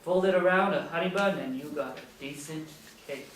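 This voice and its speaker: A man reading a towering, gruff biker janitor in his forties, a big softie, with a deep voice, giving fatherly advice at a table read of a TV pilot. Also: normal speed, noisy background, lightly acted. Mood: gentle gruff. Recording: roomy, distant mic.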